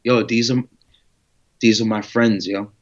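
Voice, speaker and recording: In muffled lo-fi audio, a man recounts a lengthy story during a casual interview, acting out exchanges with slang and swearing in an animated way. His voice is on the low side, and he speaks a little slowly.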